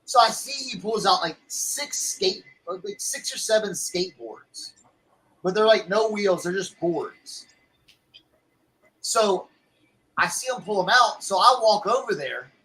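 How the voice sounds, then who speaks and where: A man in casual chat, telling an animated story and acting out other people's lines. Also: sits high, unhurried, rough recording. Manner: animated storyteller, acts out voices in anecdotes. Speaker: co-host.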